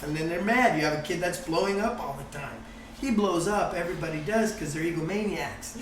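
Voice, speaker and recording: A man talking in a casual group conversation, animated and swearing freely as he acts out quotes. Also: high-pitched, normal speed, reverberant, distant mic, slight background noise, low-quality recording. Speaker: guest, course founder.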